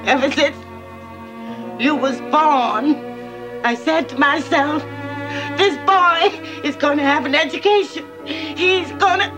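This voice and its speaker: A heartbroken mother breaking down in sobs in a TV drama. Her high voice drags out every word as she wails. A violin score swells behind her. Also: slow, pauses often, over music. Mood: anguished. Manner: pleading, anguished wailing. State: crying. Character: distraught mother, heartbroken over her son. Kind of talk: 1980s TV drama acting.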